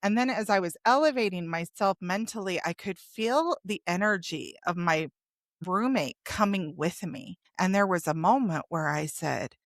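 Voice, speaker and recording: Frank woman telling her story, low-voiced. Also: animated, moderate pace, no echo, clean studio sound. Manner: frank and open, with a wry humor about dark memories. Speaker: podcast guest. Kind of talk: candid storytelling in a podcast interview.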